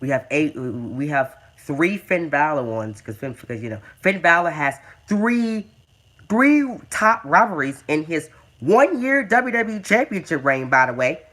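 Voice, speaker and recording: A man's voice: a little high, expressive, measured pace, sharp tone. A young man hosting a casual gaming video, stammering and repeating words, calling people dude and man. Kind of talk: casual game commentary.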